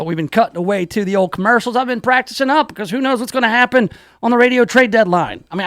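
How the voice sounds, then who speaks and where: A man's voice: high-pitched, a bit bright, no echo. A man hosting an afternoon radio show, joking around in studio banter and slipping into hammy country DJ voices. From Memphis area. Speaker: radio host. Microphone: studio mic.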